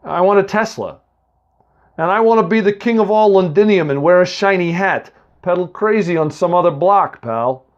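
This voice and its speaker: A man's voice: high voice, moderate pace, lightly acted. A man voicing a tiny, surly male leprechaun with a mob-boss swagger and a tinny small voice, snapping sarcastic put-downs.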